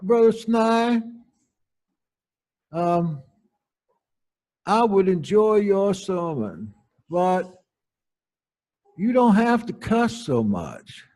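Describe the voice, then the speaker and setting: A prim, reproachful church matriarch, voiced by a man, scolds her pastor in a slow, pious drawl. Her voice rides up high and she lingers on each word. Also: big pitch swings, a little mellow, heavily acted. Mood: scolding.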